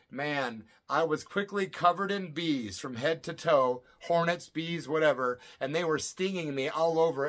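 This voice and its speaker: A man's voice: a little high, a bit bright. A middle-aged man casually telling a personal story at home, loose and emphatic, full of slang and asides like "man" and "folks". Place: home at night.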